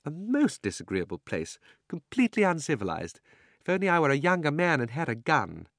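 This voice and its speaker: A man voicing a fussy, cunning old English gentleman with a pompous, wheedling manner. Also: a little high, wildly swooping pitch, brisk, no room sound, studio quality, voice pushed up, heavily acted.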